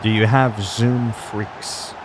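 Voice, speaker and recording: A man's voice: fairly low pitch, steady tone, takes it slowly, heavy background noise. A man chatting casually on a game livestream, rambling, joking and reading the chat aloud into a desk mic. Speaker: gaming livestreamer.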